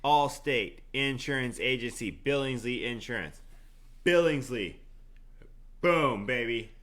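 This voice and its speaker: A man's voice: medium pitch, slow pace, fairly bright tone. A middle-aged man hosting a casual live stream, promoting an event in an upbeat, easygoing way. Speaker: host, rapper.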